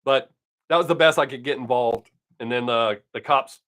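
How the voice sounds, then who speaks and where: A man's voice: mid-range voice, moderate pace, a bit bright. An older man, chatting casually on his live stream from home and telling stories bluntly, with plenty of swearing. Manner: profane, blunt storytelling.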